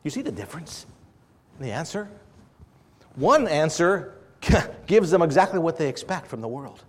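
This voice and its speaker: A high-voiced man delivers a sermon as if talking with friends. He poses questions to the congregation and acts out small scenes from everyday life. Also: sing-song, normal speed, breathy edge. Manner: conversational preaching with rhetorical questions and acted-out dialogue. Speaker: pastor.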